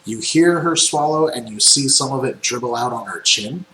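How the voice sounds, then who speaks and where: A man running a tabletop game as game master, describing scenes in unhurried narration with frequent ums. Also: medium pitch, animated, bright, forceful tone. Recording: echoey room with faint noise.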